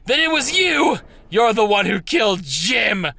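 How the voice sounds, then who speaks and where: A man voicing a theatrical, hot-headed male prosecutor from a game, reading the lines aloud with dramatic shouting. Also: on the high side, sing-song, unhurried, full character voice. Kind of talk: game dialogue read aloud.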